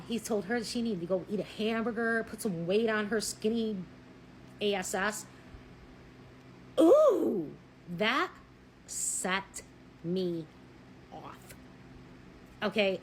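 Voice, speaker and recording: A woman telling a personal story in a blunt, animated way, swearing freely and acting out what people said. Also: medium pitch, slight background noise, rough recording. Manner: married. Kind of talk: casual storytelling.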